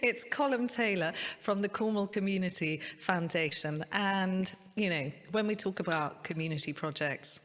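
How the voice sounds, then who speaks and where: A woman's voice: medium pitch, moderate pace, few pauses, long reverb tail. A woman hosting an online community funding conference over a video call, speaking in an upbeat, enthusiastic way. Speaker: event host.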